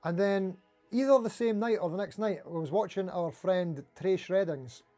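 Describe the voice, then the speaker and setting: Fast-talking Scottish man, high voice. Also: mellow, soft background music. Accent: Dundee Scottish. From Scotland. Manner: fast-talking, chatty, reading out viewer comments. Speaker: livestream host. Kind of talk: casual livestream chat.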